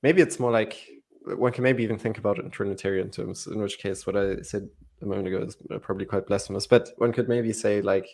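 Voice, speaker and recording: Man, low pitch, gravelly, explains grammar, playful, laughs a lot. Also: steady tone, quick pace, hardly any pauses, a little mellow. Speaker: Greek language guide in a Bible study. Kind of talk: casual explanatory chat.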